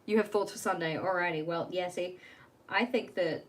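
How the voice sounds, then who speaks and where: A woman's voice: on the low side, steady tone, moderate pace. A young woman chatting casually on a live stream from home while she works on her journal, rambling and laughing at herself.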